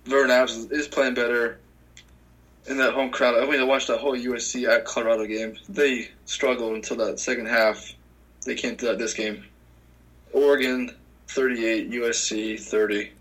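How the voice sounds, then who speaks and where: A man's voice: medium pitch, flat delivery, normal speed, fairly bright tone, rough recording. A man hosting a casual sports picks chat. He rambles, restarts his sentences and chuckles as he talks. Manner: rambling, self-correcting, chuckling. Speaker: podcast host.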